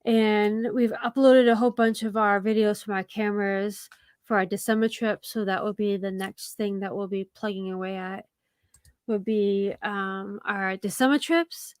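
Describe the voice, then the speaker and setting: A woman co-hosting a casual live stream, laughing often and pausing with fillers as she talks through upcoming videos. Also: medium pitch, fairly even intonation, clean tone, dry recording, studio quality.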